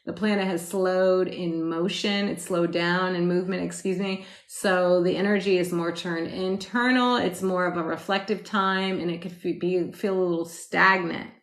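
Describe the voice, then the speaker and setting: Loud, chatty woman streaming live. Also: on the low side, steady tone, normal speed, few pauses. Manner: loud, chatty, laughs often while telling stories. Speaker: astrology livestream host. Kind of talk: casual live-stream chat. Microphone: phone. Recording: roomy echo.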